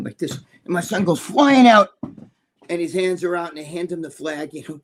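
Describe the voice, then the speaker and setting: An older man co-hosting a podcast, telling a story in a profane, animated way and laughing as he goes. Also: on the high side, fast talker, breathy edge. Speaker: podcast co-host. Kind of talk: casual storytelling chat.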